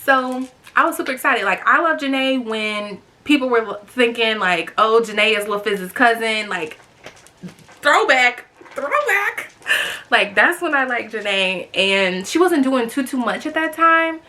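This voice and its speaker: A woman's voice: high-pitched, expressive, a little slow, pushed and bright. A young woman in her twenties chatting to camera, telling a story with lots of "like" fillers and asides to her viewers. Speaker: storytime vlogger.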